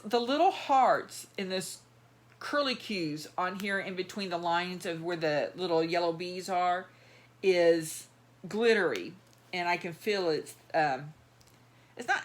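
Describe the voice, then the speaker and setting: Woman, middle-aged, rambling casual chat, lots of fillers, slightly low voice. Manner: rambling, chatty, many fillers and restarts. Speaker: doll collector vlogger. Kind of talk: rambling casual chat while handling dolls.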